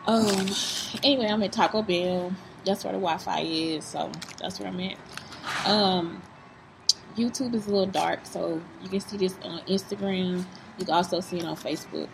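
A woman vlogging in a fast-food restaurant, talking in a blunt, profane, rambling way. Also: lowish voice, vocal fry. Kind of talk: casual vlog talk. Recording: noisy restaurant background.

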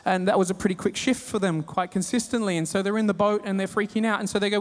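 A man with an Australian accent preaching a sermon, telling stories with humor and animated retellings. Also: high voice, fast talker, hardly any pauses, in a large hall. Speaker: pastor.

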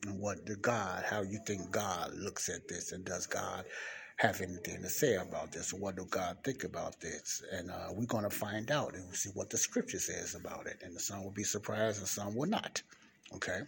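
A man's voice: low-pitched, moderate pace, gravelly, a bit bright. A man hosting a Christian podcast, talking in a rambling, repetitive way with many fillers, close to the mic in a library study room. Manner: rambling, repeats words, frequent fillers. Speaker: podcast host. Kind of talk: casual preaching monologue. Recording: faint street noise through window. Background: faint traffic from outside.

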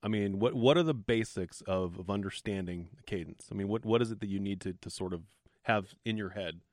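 A man hosting a radio talk show, asking curious questions with halting restarts and encouraging his guests. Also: on the low side, darkish tone, dry recording, studio quality. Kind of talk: casual radio interview.

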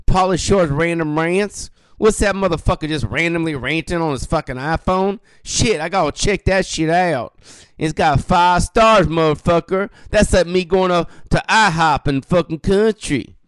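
A crude hillbilly man, as a comedian puts him on, swearing in amazement. His voice jumps well above the performer's own and gets louder. It comes through smooth and dry. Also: on the high side, moderate pace, no echo, voice pushed up, natural voice. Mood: amazed.

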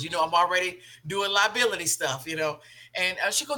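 A middle-aged woman hosts a talk show and tells a family story. Her voice is bright and forceful. She acts out each quoted line as she goes. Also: on the low side, rapid-fire. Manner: animated storytelling, acting out quoted dialogue.

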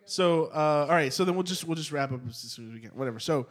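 A man's voice: fairly high pitch, fast talker. A man hosting a casual podcast chat, telling a rambling, swear-laced anecdote in a studio. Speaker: podcast host. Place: recording studio.

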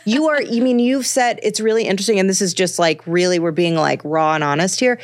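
A woman's voice: mid-range voice, brisk, no room sound, clean studio sound. A woman, talking bluntly and joking with lots of swearing in casual chat. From New York. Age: 40s.

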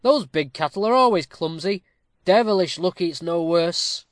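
A man reading aloud, voicing a bold, brash male highwayman who blusters and boasts. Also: animated, normal speed, no echo, studio quality. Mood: jovial.

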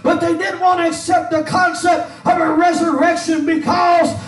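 A man preaching to a church congregation, shouting his lines in a chanted, sing-song style with frequent "uh" fillers, in an echoey church. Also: extremely high pitch, little pitch movement, moderate pace. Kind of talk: whooping chanted sermon. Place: church sanctuary. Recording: echoey room, far from mic, with music.

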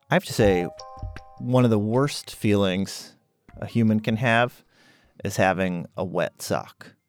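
Male host, low voice, measured deadpan delivery, guitar music underneath. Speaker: podcast host. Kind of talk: deadpan interview and scripted fundraising appeal.

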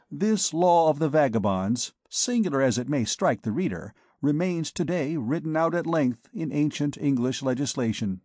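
A man narrating a classic novel in a measured audiobook reading. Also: on the high side, animated, a little mellow, no room sound, studio quality. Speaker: audiobook reader. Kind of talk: scripted narration.

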